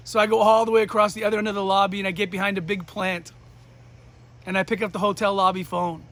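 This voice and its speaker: Male motivational speaker, bright tense tone, animated storyteller. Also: high voice, fast talker. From New Hampshire. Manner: animated, acts out the voices of people in his story. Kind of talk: storytelling speech.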